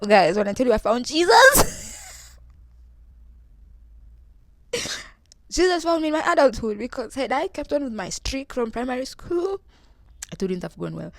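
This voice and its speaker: A woman's voice: medium pitch, no room sound, clean studio sound. A young woman from Tanzania telling a humorous story about her life, acting out the voices of the people in it. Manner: animated, acts out quoted voices. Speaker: vlogger.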